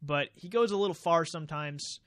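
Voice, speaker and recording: A man's voice: fairly high pitch, a little fast, fairly bright tone, no room sound. A young man co-hosting a podcast in a small studio, a chatty storyteller who laughs often. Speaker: podcast co-host. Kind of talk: casual chat. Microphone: desk mic.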